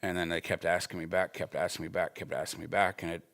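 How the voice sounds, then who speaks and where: A man in his forties with a low, gravelly voice gives a Bible school teaching. He talks in a casual, earnest way, leaning hard on his points and weaving in stories from his own life. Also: flat delivery, fast, a bit bright. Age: 40s. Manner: earnest, emphatic, with personal stories. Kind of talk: conversational teaching talk.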